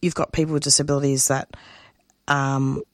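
Woman, low-pitched, impassioned, restarts her sentences, radio interview guest, dry sound. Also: level tone, normal speed, dry recording. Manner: impassioned, speaks in bursts with restarts.

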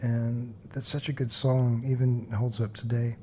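A man working as a radio DJ, chatting casually in a relaxed, rambling way with lots of fillers, from a studio microphone. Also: mid-range voice, a little slow, slight background noise.

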